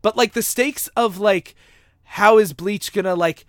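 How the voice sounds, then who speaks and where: A man's voice: high voice, measured pace, fairly bright tone, dry recording, clean studio sound. A young man hosting a comic book podcast in casual chat, laughing often. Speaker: podcast host.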